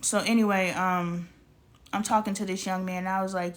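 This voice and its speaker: Woman vlogger, casual storytime monologue, animated storyteller, acts out dialogue, spiritual preachy asides. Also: medium pitch, moderate pace, slight background noise.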